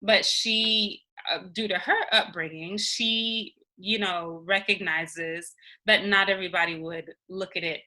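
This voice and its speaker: A woman speaking as the guest in an interview, talking earnestly and personally about her own experience with frequent pauses and ums. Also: mid-range voice, steady tone, bright, forceful tone, rough recording. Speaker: interview guest, nonprofit founder. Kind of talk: candid conversational interview.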